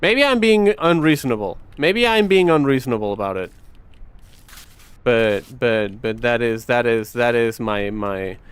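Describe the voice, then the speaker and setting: A man's voice: mid-range voice, lively intonation, measured pace, smooth. A young man commentating his gameplay in a casual, rambling way, often heated, swearing and repeating himself. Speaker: gaming streamer.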